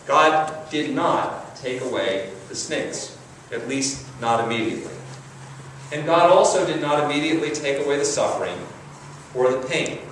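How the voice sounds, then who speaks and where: A man's voice: mid-range voice, a bit bright, a little hiss or hum. A man preaching a sermon as pastor, conversational, with repetition and emphasis. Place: church sanctuary. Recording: roomy church sound from a distant mic.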